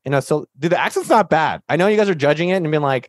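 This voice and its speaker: A man's voice: a little high, expressive, quick pace, few pauses, no echo, studio quality. A man hosting a podcast, answering listener questions in a casual, jokey, slangy way. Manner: jokey and slangy, full of banter. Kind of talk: casual, hyped Q&A talk.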